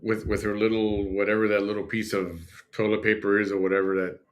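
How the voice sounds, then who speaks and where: A man's voice: fairly low pitch, flat delivery, a little fast. Sarcastic male livestream host. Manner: mocking, sarcastic. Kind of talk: livestream commentary.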